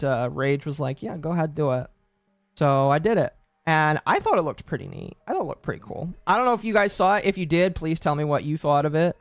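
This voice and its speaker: A man's voice: on the high side, no room sound. Rambling chatty streamer man. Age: late 20s. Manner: rambling, self-correcting, chuckling. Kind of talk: casual stream chat reading chat.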